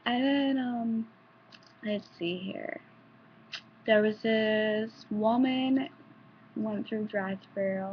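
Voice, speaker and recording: A woman's voice: mid-range voice, gravelly, a little hiss or hum. A young woman vlogger telling stories in a rambling, casual way, with restarts and some swearing, in a dull lo-fi home recording. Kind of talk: casual storytelling.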